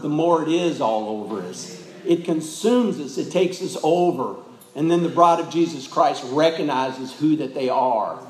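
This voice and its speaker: A man's voice: fairly high pitch, darkish tone, roomy sound, poor audio. A man preaching a sermon to his congregation, fervent and rhythmic, calling out amen and praise the Lord. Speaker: pastor.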